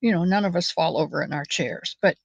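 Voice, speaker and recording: Knitting at home, a woman who hosts a knitting channel talks to viewers with rambling folksy tales, now and then slipping into quiet muttered asides. She has a fairly low, husky, creaky voice and a brisk pace. The audio is dry and a bit muffled, without room sound.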